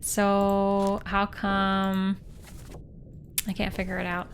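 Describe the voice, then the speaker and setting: A young Canadian woman streams a game live, playfully thinking aloud and chatting with her viewers. Her medium-pitched voice is monotone with drawn-out words, over slight background noise.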